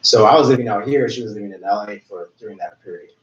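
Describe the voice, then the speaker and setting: A man from Southern California, a realtor guest on a podcast, chatting casually in a rambling way with lots of "like" and trailing off quietly. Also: lowish voice, quick pace, recorded from a distance, crowd noise. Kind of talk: casual interview conversation. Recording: echoey room, off-mic, dull lo-fi sound.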